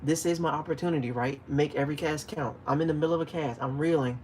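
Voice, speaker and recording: Animated man ranting on a livestream. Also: on the high side, fast talker, a little hiss or hum. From DC, Maryland, Virginia area. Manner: animated storytelling, acts out shouted calls. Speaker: fishing livestream host. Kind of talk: casual livestream chat, reading viewer comments.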